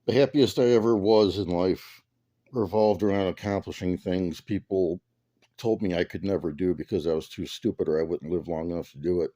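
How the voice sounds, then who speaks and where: A man's voice: deep voice, steady tone, normal speed, warm tone, no echo, studio quality. A man hosting and reacting to clips in blunt, sardonic casual chat. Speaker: podcast host.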